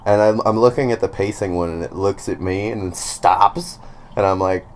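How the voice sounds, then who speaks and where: A man with a very low, deep voice telling a story on a podcast. He talks casually, swearing freely and laughing often between lines. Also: steady tone, fast talker, a little mellow. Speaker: podcast co-host. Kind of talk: casual chat.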